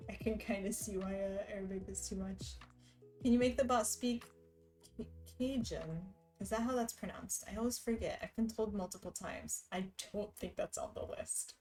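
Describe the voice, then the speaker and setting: A woman's voice: mid-range voice, a little mellow, low-quality recording. Chatty laughing woman streamer. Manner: chatty, rambling, laughs often. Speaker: live streamer. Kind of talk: casual chat.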